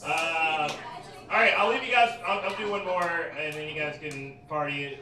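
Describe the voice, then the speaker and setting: A man's voice: on the high side, moderate pace. A man performing a stand-up set at a bar, bantering with the crowd and telling stories. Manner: crowd banter, animated storytelling. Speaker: stand-up comic. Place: small bar stage. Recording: echoey bar from far off, loud crowd.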